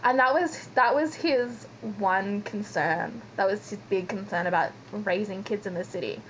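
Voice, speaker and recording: A woman's voice: medium pitch, normal speed, a bit bright. A woman co-hosting a podcast, chatting and rambling in a self-mocking way. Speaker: podcast co-host. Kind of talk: casual chat recapping a reality show. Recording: dull lo-fi sound with faint noise.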